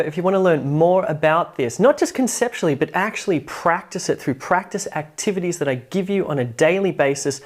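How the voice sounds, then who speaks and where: A man teaching English pronunciation in an online lesson, who drills words slowly and adds wry asides. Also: a little high. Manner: emphatic, drills words slowly and repeats them.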